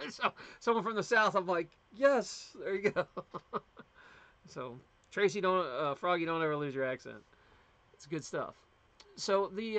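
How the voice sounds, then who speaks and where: Man, middle-aged, from the US, casual livestream host, rambling delivery, lots of fillers, slightly high voice. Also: fairly bright tone. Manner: rambling, chatty, with many fillers and restarts.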